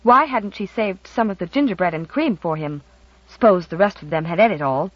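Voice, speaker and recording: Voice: medium pitch, normal speed, no echo. An audiobook narrator reading a children's classic expressively, recorded dry and a bit muffled. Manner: expressive storytelling. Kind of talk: scripted narration.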